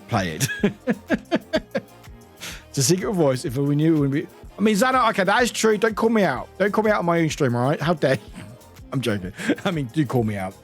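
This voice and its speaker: A man with a British accent talks through a live game stream in a high, very animated voice that leaps all over the place. He laughs often, swears freely and bursts into shrill shouts. Soft music plays quietly behind him. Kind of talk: casual live-stream chat while playing.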